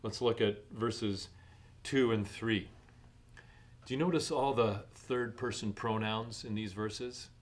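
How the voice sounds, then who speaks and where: A middle-aged man pastor preaching a sermon in a measured way, rising in emphasis on key points. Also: lowish voice.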